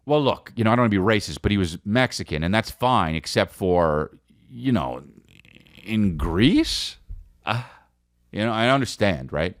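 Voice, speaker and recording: Rambling, animated comedian man. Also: on the low side, no echo, clean studio sound. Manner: rambling, animated, breaks into silly voices. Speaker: podcast host. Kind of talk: comedic monologue.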